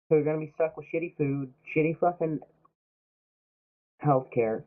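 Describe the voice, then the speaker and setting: A man's voice: fairly high pitch, fairly even intonation, normal speed, long pauses. A young man streaming while sick, ranting heatedly about politics and swearing constantly. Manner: heated, swearing, mock-quoting others. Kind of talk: profane political rant while streaming a game. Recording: tinny, phone-like lo-fi audio.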